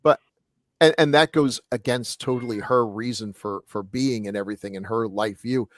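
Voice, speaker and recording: A man's voice: medium pitch, normal speed. A man on a film review podcast, building long arguments about a movie. His voice sits in the middle range. The sound is dry and close, with no room echo. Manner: expansive, argues points at length. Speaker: podcast co-host. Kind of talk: casual film review chat.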